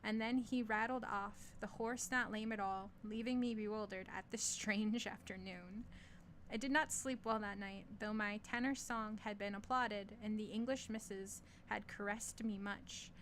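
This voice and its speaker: A woman's voice: medium pitch, steady tone, unhurried, fairly bright tone, slight background noise. A woman reading a short story aloud, stumbling over foreign words and laughing at herself now and then. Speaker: reader of stories.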